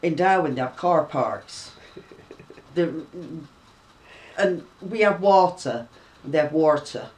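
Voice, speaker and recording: A woman's voice: deep voice, animated, slow pace, long pauses, a little mellow. A woman with a Lancashire accent from Bolton, chatting easily as a guest and cracking jokes. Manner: chatty, jokey, agreeable. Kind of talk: casual chat. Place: living room at home, indoors. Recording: distant camera mic in a room.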